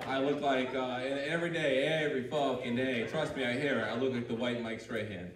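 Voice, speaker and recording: A man's voice: mid-range voice, a little fast, few pauses, very noisy. A man doing a crude, rambling stand-up comedy routine on a club stage, full of "like" fillers. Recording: roomy, distant mic in a club.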